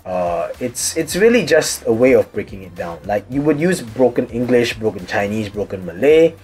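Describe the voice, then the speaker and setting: A young Singaporean man with a Singaporean accent chats casually at home, answering viewer questions in a relaxed, chatty way and explaining with examples. His medium-pitched voice moves at normal speed, with faint music behind him in a room holding hobby figurines.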